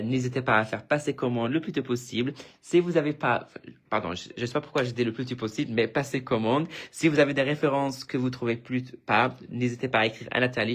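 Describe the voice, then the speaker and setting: A man presenting his craft projects on a casual live stream, chatty and enthusiastic, often restarting sentences and thanking viewers. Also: medium pitch. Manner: reads viewer comments and thanks them warmly.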